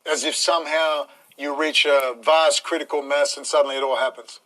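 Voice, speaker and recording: A man delivers a combative live-stream rant, blunt and full of swearing. His voice sits a little high for a man, bright and forceful. He talks straight at the audience, hammering his points home. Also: level tone, normal speed, poor audio. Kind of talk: ranting monologue on a live stream.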